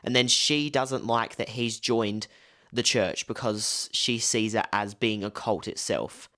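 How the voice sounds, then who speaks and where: A man's voice: on the low side, measured pace, pushed and bright. Young male film reviewer, casual and rambling, heavy on "like" and "um". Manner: loose, rambling, full of "like" and "um". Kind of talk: casual spoken film breakdown.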